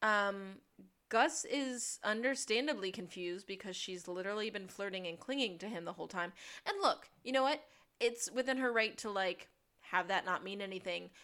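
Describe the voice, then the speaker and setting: A woman's voice: mid-range voice, a bit bright. A woman co-hosting a podcast, recapping a TV episode in casual chat and acting out lines with laughs. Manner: chatty, acts out quotes with laughter. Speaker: podcast co-host.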